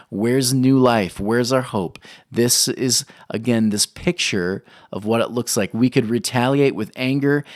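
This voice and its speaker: A man delivers a sermon, voice at an ordinary middle pitch. He tells stories in an animated, conversational way, often jumping higher as he acts out scenes. The sound is dry, with little room echo. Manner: animated storytelling, acting out scenes with rising pitch. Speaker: pastor. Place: church or studio recording.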